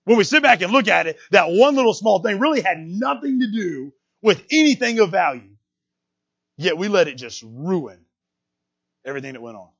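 A man preaching a sermon as a pastor, talking conversationally and swinging between loud bursts and quiet asides. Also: high voice, normal speed, breathy edge, dull audio. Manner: animated, conversational preaching with sudden loud jumps and quiet drops.

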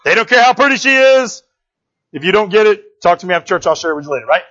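A man's voice: high voice, lively intonation, quick pace, sharp tone, muffled recording. A man preaching a sermon as pastor, emphatic, often repeating words and asking "right?" to the congregation.

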